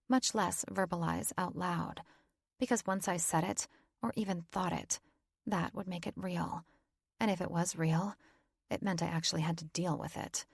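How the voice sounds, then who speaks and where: Gravelly, wry woman audiobook narrator. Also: lowish voice, no room sound, clean studio sound. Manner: wry, profane, self-mocking. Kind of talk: scripted first-person audiobook narration.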